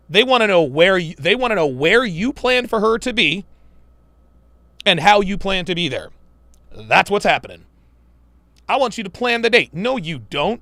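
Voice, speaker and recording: A man's voice: high voice, vocal fry, bright, forceful tone, dry recording. A man hosting a live-stream commentary show, talking in a profane, emphatic and preachy way. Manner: mocks women in put-on voices.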